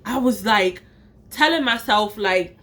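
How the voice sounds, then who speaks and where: Bright, playful woman telling a story. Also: medium pitch, lively intonation, slow. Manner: playful, chatty, laughs at herself. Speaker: storytime vlogger. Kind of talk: casual storytelling to viewers.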